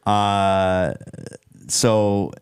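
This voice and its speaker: Very slow and level, this podcast co-host's lowish voice is clear and resonant, recorded dry at studio quality. He chats casually but rambles, restarting often and filling gaps with lots of fillers.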